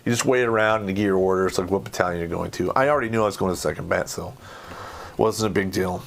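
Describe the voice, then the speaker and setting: A middle-aged man, host of a podcast, telling a rough, profane story from his army days in a blunt, swearing manner that gets animated when he acts out scenes. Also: deep voice, fast, slight background noise.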